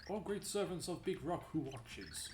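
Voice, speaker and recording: A woman's voice: low-pitched, big pitch swings, moderate pace, voice pushed down. A woman voicing a dim-witted male rock-creature chief who talks in broken grammar and surfer slang, with a made-up Italian-country accent. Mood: pleading. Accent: made-up accent, Italian with a country twang. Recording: echoey room with game music.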